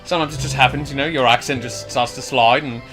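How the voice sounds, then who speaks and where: A man's voice: medium pitch, steady tone, fast talker, a bit bright. A man chatting casually while a friend plays a video game, rambling with fillers and laughing often. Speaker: co-host of a game playthrough. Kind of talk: casual gaming chat. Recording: game music behind voices.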